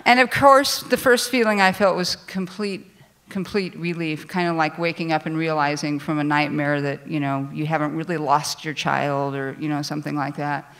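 A woman telling a personal story on stage at a live storytelling show, animated and self-deprecating, with frequent restarts. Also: low-pitched, normal speed. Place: theater stage before a live audience.

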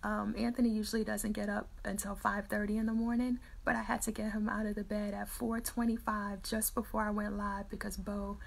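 A woman's voice: medium pitch, flat delivery, a little fast, vocal fry, few pauses. A woman hosting a morning Bible-reading livestream, chatting casually and reading out viewer comments, laughing often. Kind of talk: casual chat with live viewers.

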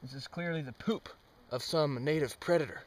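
A young man giving a deadpan, mock-serious comic monologue outdoors, with sudden loud outbursts. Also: on the high side, moderate pace, far from the mic. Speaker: amateur experimenter. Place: outdoors on a trail.

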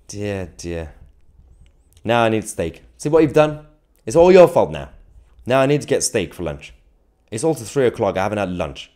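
The host of a political live stream speaks with a fairly low, warm, sing-song voice at normal speed. He goes through viewer comments in a relaxed, joking manner, chuckling frequently and wandering off on tangents.

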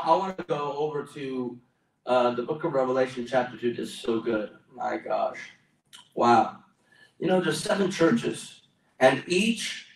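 A male pastor preaching a sermon in a church hall, exclamatory and calling for responses from the congregation. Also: medium pitch. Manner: exclamatory, calls for audience responses. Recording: roomy echo, mic at a distance.

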